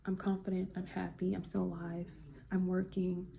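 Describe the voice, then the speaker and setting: Female vlogger, casual chat, flat delivery, faint background hiss. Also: lowish voice, moderate pace, creaky. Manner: relaxed, slangy, reflective talk.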